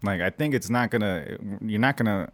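Young dude talking fast, cussing, telling boot camp stories on a podcast. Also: male voice, fairly low pitch. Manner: fast, profane, animated storytelling. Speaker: podcast co-host, army veteran. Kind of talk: casual chat, storytelling.

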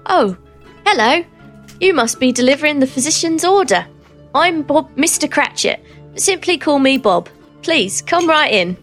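A woman's voice: high voice, very animated, unhurried, a bit bright, soft background music, voice pushed up, full character voice. A woman voicing a worn-down but friendly father who politely greets visitors at his door. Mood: welcoming. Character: weary but kind poor father.

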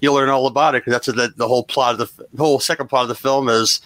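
Bright-voiced wisecracking man. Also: mid-range voice, steady tone, very fast, no room sound. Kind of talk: casual movie chat.

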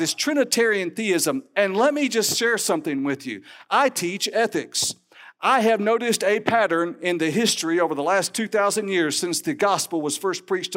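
A man's voice: high voice, a bit bright. A man preaching a sermon to a congregation, emphatic and teacherly, with sarcastic asides.

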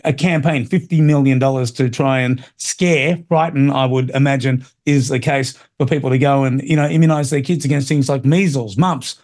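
An Australian man in middle age runs a talk radio show. He holds forth in an opinionated, rambling way, with plenty of fillers and restarts, and his voice sits at an ordinary mid pitch. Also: fairly even intonation, moderate pace, few pauses, a little mellow.

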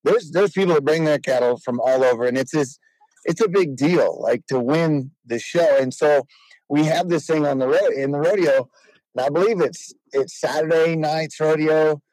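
Guy telling a rodeo clown story, kinda high voice, super animated, dry mic. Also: moderate pace, no room sound, rough recording. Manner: animated, quotes people in put-on voices. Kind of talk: casual storytelling.

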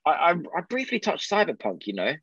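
A man co-hosting a gaming podcast, jokey and quick to laugh. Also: a little high, husky, dry recording. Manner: laughs often, lively and jokey. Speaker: podcast co-host. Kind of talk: casual gaming podcast chat. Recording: dull, slightly lo-fi sound.

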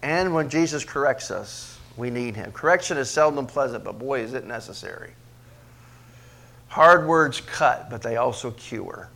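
A man preaching a sermon as pastor, questioning the congregation and swinging from quiet asides to emphatic, loud peaks. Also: lively intonation, moderate pace, vocal fry. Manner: preaches with big swings in pitch and loudness, rising to emphatic peaks; asks the congregation questions directly.

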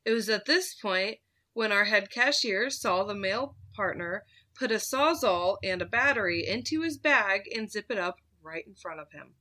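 A woman's voice: medium pitch, animated, moderate pace, bright, forceful tone. A woman host casually telling a story from her retail job, laid-back, swearing freely and laughing at her own tale.

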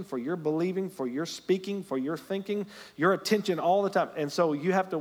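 A man preaching a sermon as pastor, animated and storytelling, climbing to loud emphatic peaks. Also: on the high side. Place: church sanctuary. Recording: long hall reverb.

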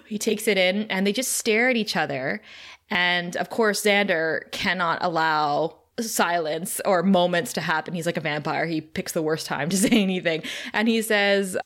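Bright-voiced woman, lively recap chat. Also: mid-range voice. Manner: animated, laughs often, swears casually. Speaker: podcast co-host. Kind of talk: casual chat.

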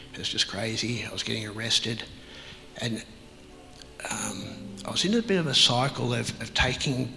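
A man telling his life story as an interview guest, halting and reflective, with many pauses and fillers. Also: lowish voice, creaky, long reverb tail, low-quality recording. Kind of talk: personal testimony in an interview.

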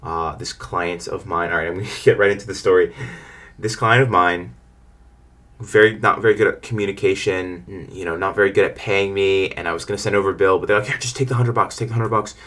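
A young man with a low voice talks fast and rambles as he tells stories from his lawn care business. He gives frank advice in a loose, casual way. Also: fairly even intonation, a bit bright.

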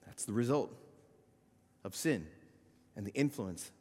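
A male pastor preaching a sermon, swinging between loud emphatic peaks and quiet, low-voiced asides. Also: expressive, a little slow, slightly rough, in a large hall. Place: church sanctuary.

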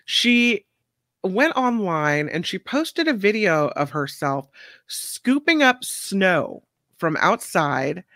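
A woman's voice: medium pitch, very animated, slow, fairly bright tone, no echo. A woman from California co-hosting a casual news show, reading stories aloud and chatting about them. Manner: chatty, reads stories then riffs.

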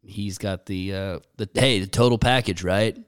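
A man's voice: sits low, normal speed, clear, resonant tone, no room sound, clean studio sound. A man co-hosting a podcast in casual chat, joking and mocking the people he talks about. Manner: joking, mock-quotes players. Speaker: podcast co-host.

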